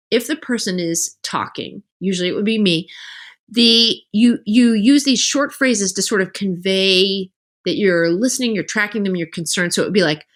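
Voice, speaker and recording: Animated woman telling stories as a guest. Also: mid-range voice. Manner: animated storytelling, acts out quoted dialogue. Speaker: guest author. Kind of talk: casual podcast interview.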